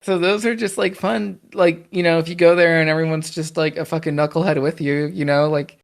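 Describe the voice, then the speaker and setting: A man's voice: a little high, steady tone, a little fast, gravelly. A man co-hosting a podcast in casual chat, laid-back and swearing casually. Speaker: podcast co-host.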